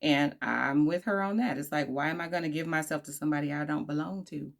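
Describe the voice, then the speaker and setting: Low-voiced sassy woman reviewing TV. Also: brisk, vocal fry. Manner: animated, laughing asides, slangy and sassy. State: tired, late at night. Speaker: YouTuber reviewing a dating show. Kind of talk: casual chatty review.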